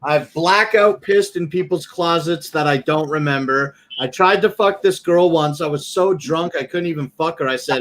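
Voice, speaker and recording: Profane, rambling young man, high voice. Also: normal speed, hardly any pauses, fairly bright tone, low-quality recording. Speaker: podcast co-host. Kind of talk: casual chat.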